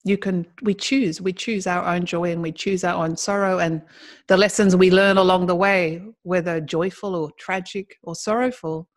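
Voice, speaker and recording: A woman's voice: fairly low pitch, steady tone, moderate pace. A middle-aged woman, a podcast guest, telling personal stories in a conversational way, often laughing as she talks. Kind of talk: conversational storytelling.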